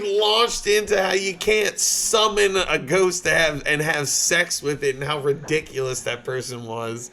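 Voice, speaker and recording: Rambling, profane podcast co-host. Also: male voice, fairly high pitch, steady tone, measured pace, few pauses, pushed and bright. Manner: rambling, profane, laughing storyteller. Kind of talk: casual comedic chat.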